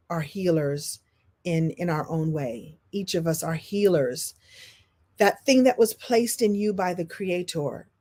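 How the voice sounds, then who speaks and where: Woman coach talking on a live stream, super expressive, big swings loud to quiet, repeats herself a lot. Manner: expressive, shifts from loud and high to soft and low, laughs; repeats phrases for emphasis. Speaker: speaker and business coach.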